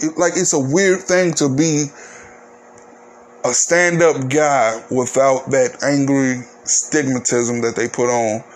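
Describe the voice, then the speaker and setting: A man's voice: medium pitch, slight background noise. A man hosting his own podcast, talking casually in a candid, ranting, profane monologue. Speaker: podcast host.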